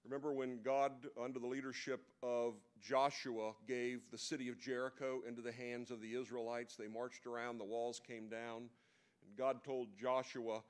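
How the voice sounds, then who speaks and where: A man's voice: mid-range voice, level tone, normal speed, smooth. Man preaching in a conversational storytelling style. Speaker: speaker at a men's breakfast. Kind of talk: sermon.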